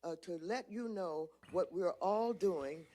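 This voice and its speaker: A woman's voice: lowish voice, takes it slowly, warm tone. A woman speaking emphatically and indignantly at a press conference, from an archive clip. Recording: archive clip played on air.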